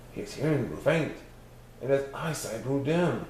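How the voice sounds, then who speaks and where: A man's voice: medium pitch, lively intonation, a little slow, a little mellow, a little hiss or hum. A man reading a rhyming storybook aloud in a sing-song way. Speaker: storybook reader. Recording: very echoey room.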